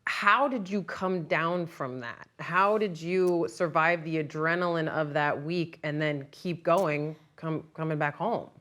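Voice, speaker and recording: A woman's voice: sits low, a little slow, hardly any pauses, a bit bright. A woman interviewer asking questions in a sympathetic, conversational way.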